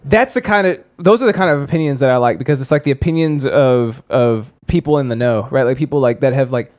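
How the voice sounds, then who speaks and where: A man's voice: mid-range voice, fast, a little mellow. A man co-hosting a podcast, laid-back and joking in casual chat. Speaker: podcast co-host.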